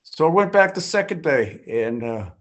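An older man tells his recovery story to a group in a folksy, rambling way. He acts out the voices of the people he quotes and often restarts his sentences. His voice sits a little high for a man. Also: very animated, normal speed. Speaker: speaker sharing his story at a recovery meeting.

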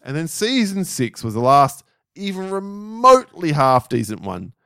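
A man co-hosts a podcast in wry, casual conversation, laughing often. His voice is a little high, sing-song, fairly bright, clear and resonant, at a moderate pace, in clean studio audio with no room sound.

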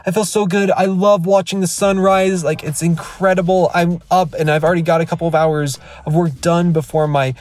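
Speaking at normal speed with few pauses, a man in his thirties delivers a flat-sounding, emphatic motivational rant from his car. His voice is on the high side with a darkish tone, and the podcast host records on an iPhone, repeating himself and rambling with restarts.

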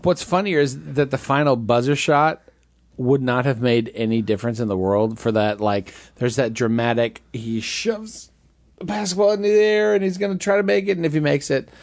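A man's voice: medium pitch, moderate pace, dry recording. A man co-hosting a casual movie-review podcast, with dry, teasing asides. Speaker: podcast co-host.

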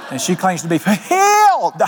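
Man, pastor, folksy storytelling sermon, slightly high voice, long hall reverb. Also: brisk, a little hiss or hum. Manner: folksy storytelling preacher, quotes people in voices, asks the congregation questions.

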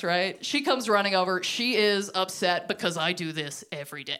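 A woman's voice: medium pitch, a little fast, hardly any pauses. A woman comedian from Ontario, Canada, performing a stand-up set and telling stories by acting out the people in them. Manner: animated storytelling, acting out quoted people.

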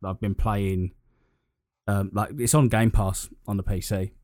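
A man talks through a casual gaming chat in a lowish voice, rambling and restarting his sentences as he gets enthusiastic. The sound is dry and close, with no room around it. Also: fairly even intonation, a little slow, warm tone, no echo.

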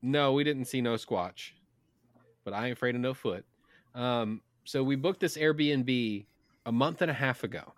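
A relaxed man in his thirties with a drawl, co-hosting a podcast in loose, profane chat. His voice sits in a middling register and is recorded dry and close, with no room sound. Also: mid-range voice, a little slow, no room sound. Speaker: podcast co-host. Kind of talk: casual chat.

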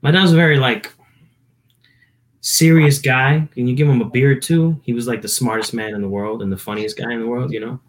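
A man's voice: medium pitch, steady tone, brisk, slight background noise. A young man from New Jersey, a musician guest chatting casually on a podcast, telling stories in a rambling way full of fillers. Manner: rambling, filler-heavy storytelling.

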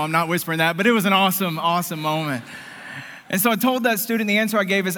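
A man in his thirties with a bright, forceful voice gives a sermon-style talk. He tells self-deprecating stories, then turns earnest and emphatic. His words ring out with a long echo in a large hall. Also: fairly high pitch. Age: 30s. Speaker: speaker addressing students.

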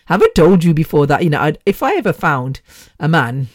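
A woman's voice: low voice, very animated, fairly quick, darkish tone, dry recording, clean studio sound. A woman hosting a podcast, talking in a casual rambling monologue, laughing often and losing her train of thought. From United Kingdom. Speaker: podcast host.

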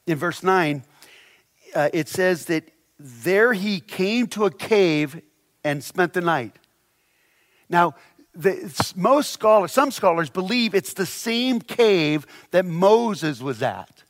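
A man delivers a sermon in a fairly high voice. He preaches with humor and animation, slipping into voices for the people in his stories. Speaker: pastor.

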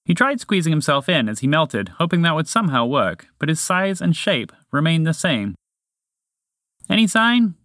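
A man reading a children's story aloud in a lively storytelling manner. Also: on the high side, normal speed, hardly any pauses, no echo, studio quality. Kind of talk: scripted narration.

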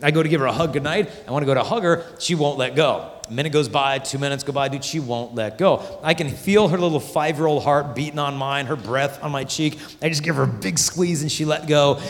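Man in his forties, lively storytelling speaker at a youth conference, voice slightly high, big echoing hall. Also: a little fast, a little hiss or hum. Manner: animated storytelling, acts out quotes. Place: large hall with audience. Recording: long hall reverb.

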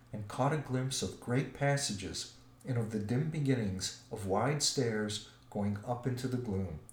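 Man, storybook narrator, measured, expressive, roomy echo. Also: medium pitch. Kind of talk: storybook reading.

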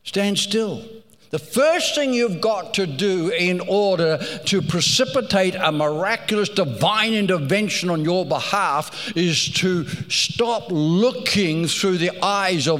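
A man's voice: high-pitched, fairly bright tone, long reverb tail. A man preaching a sermon, telling stories with animation and repeating phrases for emphasis.

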